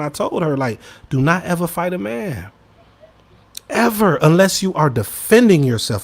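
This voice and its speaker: Emphatic man. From Chicago. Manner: emphatic, swings between loud bursts and low mutters; talks straight to listeners, says y'all. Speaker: podcast co-host. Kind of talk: casual opinion commentary.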